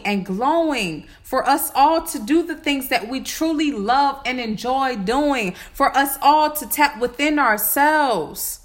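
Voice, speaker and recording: A woman in her late twenties speaks in a high, bright register. She builds her self-healing talk from short repeated affirmations, one after another. Her delivery is incantatory and encouraging. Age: 20s. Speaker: spiritual vlogger. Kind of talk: motivational self-care talk.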